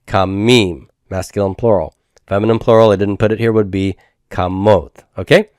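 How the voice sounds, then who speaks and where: Low-voiced man giving a methodical lecture. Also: fairly even intonation, darkish tone, no echo, studio quality. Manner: methodical, repeats forms slowly with frequent "okay?". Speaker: Hebrew grammar teacher. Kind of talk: recorded classroom lecture.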